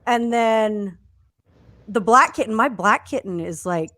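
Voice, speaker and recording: A woman's voice: fairly high pitch, unhurried, dry recording. A woman co-hosting a radio show, chatting loosely with lots of fillers. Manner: relaxed rambling with many fillers. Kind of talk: casual chat.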